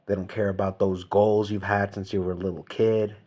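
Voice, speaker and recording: Low-voiced dude ranting, slangy and repetitive, hammers the same point over and over. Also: male voice, level tone, fairly quick, dark tone. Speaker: vlogger. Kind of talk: comic rant monologue.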